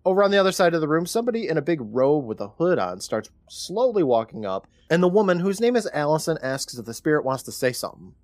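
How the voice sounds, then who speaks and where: A man's voice: on the high side, big pitch swings, fast talker, hardly any pauses, no echo, clean studio sound. A man co-hosting a podcast, casually retelling a TV episode scene by scene and quoting characters' lines as he goes. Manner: chatty retelling with quoted lines. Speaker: podcast co-host.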